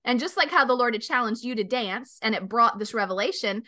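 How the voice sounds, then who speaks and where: Woman, forties, host, chatty storytelling, bright tone. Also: fairly quick. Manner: animated storyteller, acts out voices with big pitch jumps. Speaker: podcast host. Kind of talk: casual chat, storytelling.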